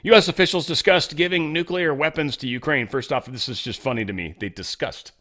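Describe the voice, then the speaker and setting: A man's voice: on the high side, brisk, a bit bright. Rambling sarcastic man. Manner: rambling, sarcastic, mock voices. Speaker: podcast host. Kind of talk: casual political commentary.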